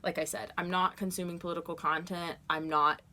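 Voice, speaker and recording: Woman, crisp bright tone, a bit low-pitched, rambling casual storytelling, lots of filler. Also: brisk. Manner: rambling, fills speech with "like" and "you know"; animated, gets loud and high when retelling confrontations. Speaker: dream journal vlogger.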